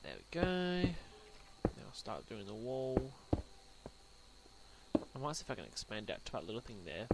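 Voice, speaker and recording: A young man with an Australian accent talks through his gameplay in a loose, rambling way. His voice is gravelly, and his pitch swings up and down a lot. The home mic also catches plenty of background noise. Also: big pitch swings, moderate pace, long pauses. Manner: rambling, chatty, talks to the pets in the game. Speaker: gaming channel host. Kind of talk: let's play commentary. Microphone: desk mic that picks up the room. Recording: noisy home recording.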